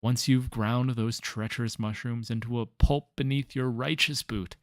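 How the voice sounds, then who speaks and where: A man's voice: medium pitch, fairly even intonation, normal speed, dry recording, clean studio sound, close to an everyday voice. A man reading a game quest aloud, voicing a hot-tempered male gardener who rants theatrically about pests on his trees. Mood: ranting. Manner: theatrical, ranting with sudden outbursts.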